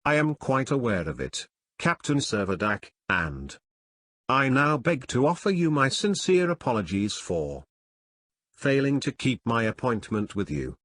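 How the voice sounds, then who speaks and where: A man's voice: mid-range voice, big pitch swings, measured pace, fairly bright tone, dry recording. A man reading the lines of a composed, formal aristocratic count in an audiobook. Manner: formal, courteous, reserved.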